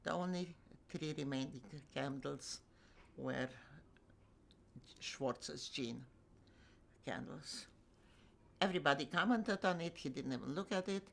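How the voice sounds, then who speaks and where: A woman's voice: low-pitched, slow pace, gravelly, pauses often, a bit bright. An older woman telling her own life story in a vivid, emotional way with flashes of wry humor. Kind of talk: personal storytelling.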